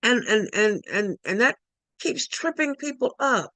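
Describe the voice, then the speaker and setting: A woman's voice: on the high side, animated, measured pace, pushed and bright, no echo. A woman giving a spiritual talk, emphatic and repetitive, often restarting her sentences. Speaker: spiritual speaker.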